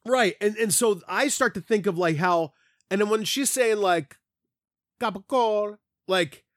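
High-voiced man in rambling casual chat. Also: unhurried, a bit bright, no echo, clean studio sound. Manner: rambling, swears freely, heavy use of "like".

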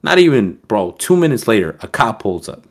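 Man, low voice, casual podcast storyteller, profane, animated. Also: brisk. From East Coast US. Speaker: podcast co-host.

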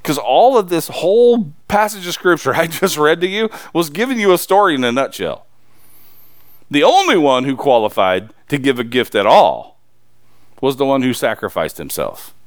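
A man preaching a sermon as pastor, swinging from loud, emphatic lines to low, confiding asides. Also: very animated, normal speed, dry recording, clean studio sound.

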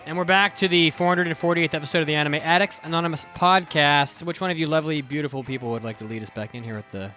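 A man's voice: a little high, fast, hardly any pauses, sharp tone, soft background music. A man hosting a podcast in an easygoing way, recapping a news item and steering the conversation. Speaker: podcast host.

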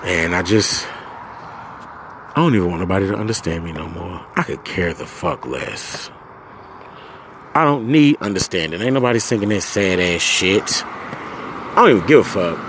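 Man, podcast host, profane venting, muttering to shouting, wide-ranging pitch, faint street noise. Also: expressive, a little slow, long pauses. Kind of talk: angry solo podcast rant.

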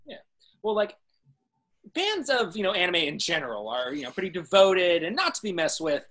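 A man's voice: high-pitched, very animated, moderate pace, a bit bright. A man hosting an interview, mostly giving short agreeing replies. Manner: brief agreeing responses. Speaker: host. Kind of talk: casual interview chat.

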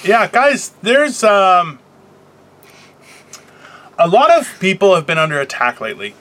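A man's voice: sits high, big pitch swings, measured pace, sharp tone. A man hosting a casual chat show from a car, joking, rambling and swearing freely. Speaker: podcast host.

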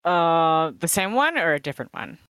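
A woman plays her character at the table with a playful, giggly manner. Her voice leaps around in pitch with plenty of life. It is recorded close and dry. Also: very animated, normal speed, fairly bright tone, dry recording. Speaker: player. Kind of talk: playing a character in a tabletop game.

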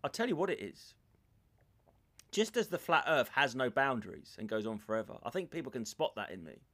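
A man's voice: medium pitch, sing-song, fairly quick, fairly bright tone, no room sound. A middle-aged man with a rambling, anecdotal way of talking, co-hosting a casual podcast chat. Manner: rambling storyteller, puts on voices in anecdotes. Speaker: podcast co-host.

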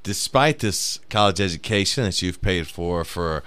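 A man's voice: sits low, lively intonation, normal speed, fairly bright tone, clean tone. A man casually telling a funny road story on a podcast, laughing through the punchlines.

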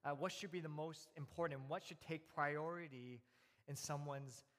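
A man in his thirties preaching a conversational sermon, telling stories in a relaxed way with many fillers and restarts. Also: fairly high pitch, normal speed, in a large hall. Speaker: pastor.

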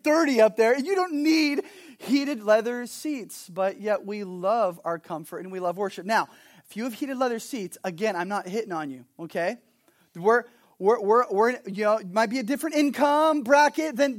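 A man preaching a sermon as pastor, swinging from animated storytelling to hushed, earnest points. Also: very high-pitched. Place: Hawaii.

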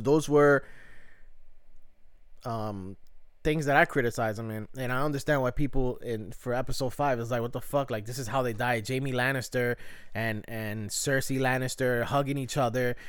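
Man ranting casually, smooth dry voice. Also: mid-range voice, dry recording. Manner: casual, profane, many fillers and restarts. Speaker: show reviewer. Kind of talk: casual TV review rant.

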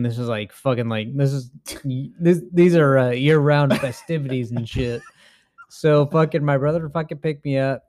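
A man's voice: medium pitch, darkish tone, clean tone, no room sound, clean studio sound. A young man co-hosting a podcast, telling stories in a rambling way full of swearing and filler words. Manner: profane rambling storyteller, heavy filler words; acts out quoted voices in his stories. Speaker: podcast co-host. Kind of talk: casual chat.

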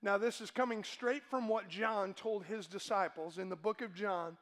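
A man's voice: high voice, steady tone, normal speed, fairly bright tone. A male pastor preaching a sermon to his congregation, emphatic and asking them questions.

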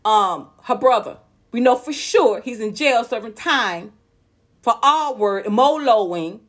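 A woman with a high voice rants through celebrity gossip commentary. She is outspoken and heated, and she talks straight to her viewers in casual slang. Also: lively intonation, slow pace. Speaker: gossip vlogger.

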